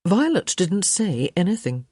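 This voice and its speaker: A woman with a fairly low, breathy voice narrates a romance audiobook in measured storytelling. Her delivery rises and falls in a lively way, and the sound is close and dry. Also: no echo. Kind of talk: scripted narration.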